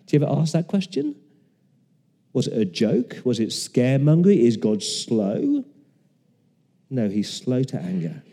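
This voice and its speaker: A man's voice: medium pitch, mellow. Fifties male pastor, earnest sermon delivery, echoing hall. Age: 50s. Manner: earnest, repeats words, acts out quoted voices.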